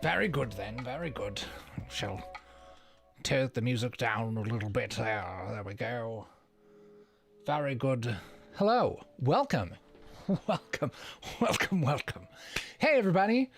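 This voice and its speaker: A man's voice: medium pitch, big pitch swings, unhurried, vocal fry, long pauses, soft background music. A man hosting a casual livestream Q&A, playful and chuckling often as he reads the chat. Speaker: livestream host.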